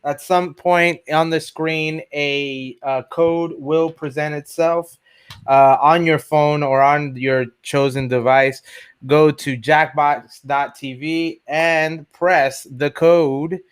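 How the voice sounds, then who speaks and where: A man's voice: on the high side, steady tone, slow pace, clear, resonant tone. A man hosting a casual livestream, brash and joking as he explains a party game. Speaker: host.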